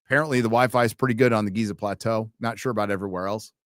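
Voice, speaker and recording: A man's voice: fairly low pitch, fairly even intonation, very fast, a bit bright, dry recording, clean studio sound. A man hosting a casual late-night livestream, reading out viewer donations and rambling with wry, profane asides.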